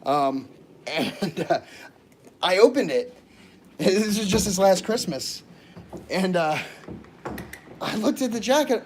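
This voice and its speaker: A man tells rambling stories on his livestream, talking straight to his viewers. His voice sits a little high for a man, and he keeps breaking off mid-thought to start over. A faint hiss runs under the recording. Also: big pitch swings, slow, pauses often. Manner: rambling, chatty, self-interrupting, talks to viewers. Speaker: live streamer. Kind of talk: casual livestream storytelling.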